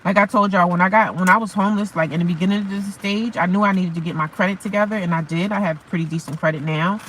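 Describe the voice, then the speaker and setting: A woman's voice: lowish voice, fairly even intonation, fast talker, a bit bright, slight background noise, low-quality recording. A woman vlogging casually from her parked car in the rain, chatty and repetitive, calling her viewers honey and baby. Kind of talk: casual chat to camera.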